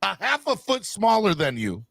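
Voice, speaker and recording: A man hosting a sports podcast, ranting heatedly with animated bursts of shouting. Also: sits high, normal speed, vocal fry, a little hiss or hum.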